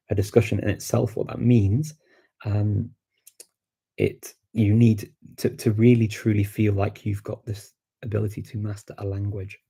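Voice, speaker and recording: A man's voice: fairly low pitch, vocal fry, dark tone, husky. A man with a Scouse accent from Liverpool, rambling casually through a live-stream Q&A and reading viewer questions aloud. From Liverpool, England. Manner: chatty and rambling, with many fillers and restarts. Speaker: language-learning streamer answering viewer comments.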